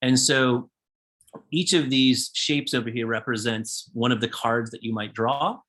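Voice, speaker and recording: A man's voice: mid-range voice, steady tone, measured pace, fairly bright tone. A man leading an online design workshop over a video call, talking loosely with many fillers and restarts. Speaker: workshop leader and book author.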